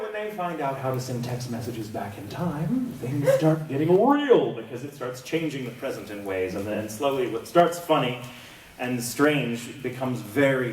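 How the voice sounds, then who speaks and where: Animated, self-mocking male voice actor, mid-pitch, telling a panel story in an echoey room from a distant mic.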